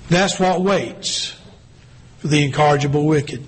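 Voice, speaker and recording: Male pastor, husky slightly raised voice, slow measured sermon delivery. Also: fairly high pitch, poor audio. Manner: slow, deliberate preaching with drawn-out pauses.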